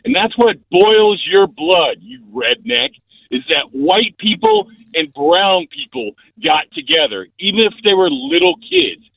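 Male caller, furious rant, high lively voice with gravel, tinny phone audio. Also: no room sound. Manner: angry, rushed rant. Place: driving in a car.

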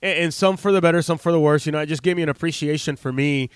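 A man's voice: fairly high pitch, fast talker, clear, resonant tone, no echo, clean studio sound. A man in his late thirties from the United States, a health practitioner talking casually to camera in a rambling, heartfelt way, full of fillers and restarts. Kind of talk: casual unscripted monologue.

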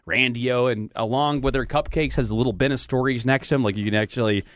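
A man's voice: medium pitch, steady tone, fast, fairly bright tone, a little hiss or hum. A man hosting a podcast, bantering with cohosts, teasing and laughing, often interrupting himself. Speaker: podcast host. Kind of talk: casual radio-style show banter. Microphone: studio microphone.

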